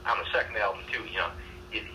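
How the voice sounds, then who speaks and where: A man co-hosting a podcast in casual chat, animated and repeating words as he thinks aloud. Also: lowish voice, quick pace. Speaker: podcast co-host. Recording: distant mic with noticeable background noise.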